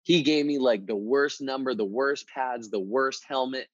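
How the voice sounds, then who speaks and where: A man's voice: medium pitch, moderate pace, no echo. Man telling a story, dry dull sound. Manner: energetic, conversational, repeats words. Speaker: motivational podcast host. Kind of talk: casual storytelling.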